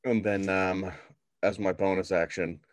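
A man's voice: sits low, level tone, unhurried, dry recording. A man playing a tabletop role-playing game, casually declaring his character's actions. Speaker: player.

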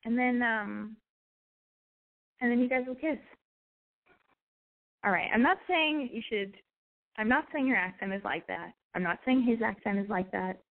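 A woman's voice: on the high side, normal speed, long pauses. American woman, podcast host, casual blunt advice, swears freely, lo-fi phone-line audio. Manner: chatty, blunt, swears freely, acts out dialogue.

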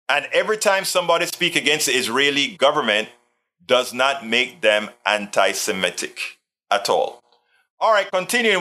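Animated man with a bright voice. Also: mid-range voice. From Hawaii. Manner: animated, emphatic, repeats himself. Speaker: livestream host reading viewer comments. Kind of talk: casual political commentary.

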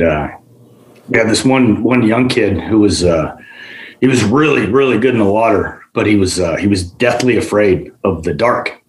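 A man, a guest, telling work stories in a casual, animated way, acting out the voices of the people in them. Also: on the low side, echoey room, rough recording. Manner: animated, acts out quoted voices. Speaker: guest, general manager. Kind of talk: casual storytelling.

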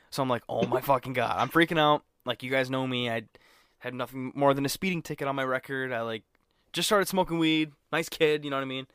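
A man's voice: medium pitch, fairly even intonation, fast, fairly bright tone, no room sound, studio quality. A young man co-hosting a podcast, telling a college story in casual chat, acting out quotes and swearing freely. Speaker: podcast co-host.

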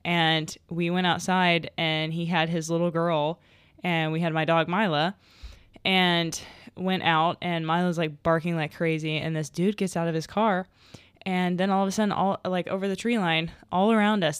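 A young woman runs a casual solo podcast, her fairly low, clean voice moving at a moderate pace with fairly even intonation as she rambles through stories full of fillers and laughter. The recording is dry with clean studio sound.

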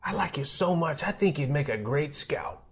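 A man's voice: fairly high pitch, lively intonation, moderate pace, slightly rough. A man voicing a folksy old male baseball scout, friendly and hesitant as he speaks.

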